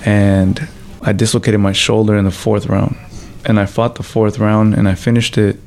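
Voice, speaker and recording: A professional fighter telling stories in a casual interview, loose and full of swearing, with fillers like "you know" and "like.". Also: male voice, lowish voice, flat delivery, moderate pace, a little mellow, a little hiss or hum.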